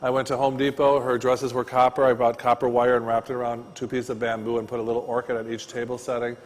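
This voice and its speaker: A man teaching a floral design class, telling stories with loud bursts and quiet asides. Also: medium pitch, level tone, fast talker, in a large hall.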